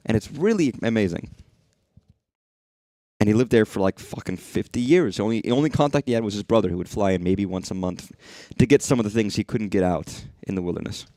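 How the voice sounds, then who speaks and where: A man's voice: lowish voice, a little fast, dark tone, no room sound. Rambling, cursing male game streamer. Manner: rambling, swears freely, talks to the game. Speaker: streamer playing a horror game. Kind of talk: casual live-stream commentary.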